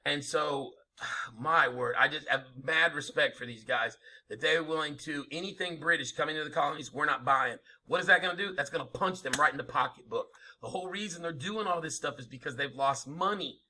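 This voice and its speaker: A history teacher lectures his class in an emphatic, informal way, firing off rhetorical questions as he goes. His voice is a little high and a little fast, with a sharp tone.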